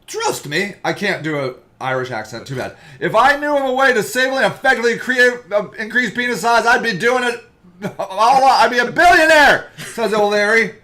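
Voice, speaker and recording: A man hosting a comedic podcast, reading an article aloud and mocking it loudly. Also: high-pitched, fairly quick, hardly any pauses. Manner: loud, excitable, mocking, jumps into silly voices. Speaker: podcast host.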